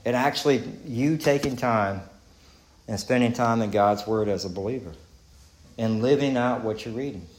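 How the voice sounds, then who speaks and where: A male pastor with a Texan accent delivers an earnest, conversational sermon. His voice sits at an ordinary middle pitch, and he restarts phrases and repeats his questions. The sound is roomy, as in a church sanctuary. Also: normal speed, a little mellow.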